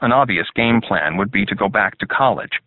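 Brief: male audiobook narrator, low and measured, thin phone-like sound. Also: lively intonation, no room sound. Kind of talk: scripted narration. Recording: tinny phone-like dry sound.

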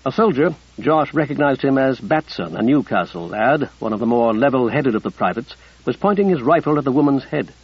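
Husky male audiobook narrator. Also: mid-range voice, animated, brisk, hardly any pauses, no room sound, muffled recording.

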